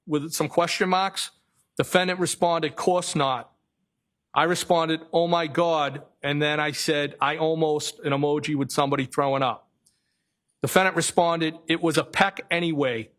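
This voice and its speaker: A man with a Boston accent sits on a witness stand and reads text messages aloud into the record. His voice sits a little high for a man. He reads them flatly and haltingly, stopping now and then to correct a word. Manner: flat, halting reading with self-corrections. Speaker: trial witness.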